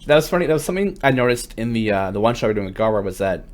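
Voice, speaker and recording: A man's voice: mid-range voice, big pitch swings, rapid-fire. A man hosting a casual livestream, chatting loosely with lots of fillers and reading out viewer questions. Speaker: stream host.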